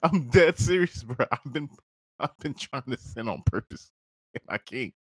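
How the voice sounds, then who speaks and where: A man's voice: mid-range voice, expressive, a little slow, pauses often, breathy edge, dry recording. A man hosting a podcast, telling a personal story in casual, slangy talk, laughing often and calling the listener "bro". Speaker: podcast host.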